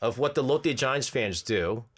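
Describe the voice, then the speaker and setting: A man's voice: mid-range voice, animated, measured pace. A man hosting a radio talk show, chatting casually and explaining at length with frequent "I think" and "uh" hedges.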